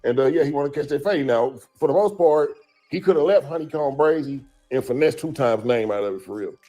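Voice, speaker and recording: A man's voice: fairly high pitch, brisk, mellow, soft background music. A man hosting casual commentary, rambling loosely with lots of conversational fillers. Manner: rambling, loose, lots of "bro" and "you know what I'm saying". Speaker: commentary host.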